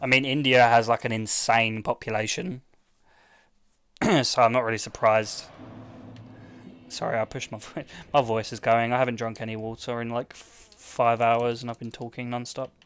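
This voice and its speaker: A man's voice: mid-range voice, little pitch movement, normal speed, a bit bright, slight background noise. A young man chatting offhand to his stream while gaming, rambling and swearing, full of "like.". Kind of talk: casual livestream chat while gaming.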